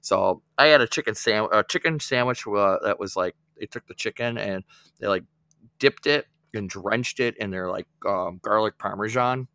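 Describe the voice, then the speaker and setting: A man's voice: on the low side, normal speed, vocal fry, bright, forceful tone, clear, resonant tone, no room sound, clean studio sound. A man co-hosting a podcast, telling a rambling story in casual chat, laughing often and acting out his friends' lines. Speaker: podcast co-host.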